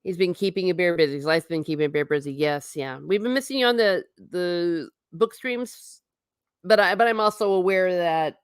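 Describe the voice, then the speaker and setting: A young adult woman with a lowish, clean voice is recorded dry, at studio quality. Hosting a casual livestream, she reads her chat and rambles on, reacting to viewers' comments.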